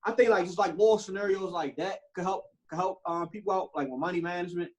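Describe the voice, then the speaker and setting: A man's voice: high voice, fast talker, poor audio. A young man co-hosting a podcast, telling stories in casual chat, full of slang and cursing. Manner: animated storytelling with slang and profanity. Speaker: podcast co-host.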